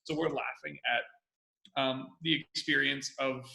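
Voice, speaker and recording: Bright, energetic male commentary host. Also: mid-range voice, slow pace, creaky, reverberant. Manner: energetic, repeats phrases. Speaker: host analyzing comedy. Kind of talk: casual video commentary.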